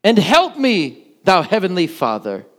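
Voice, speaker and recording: Pompous archaic pray-er, put on by a man: loud, slow, solemn, higher than his own voice. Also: huge pitch swings, exaggerated voice. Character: pompous man praying in old-fashioned churchy tones.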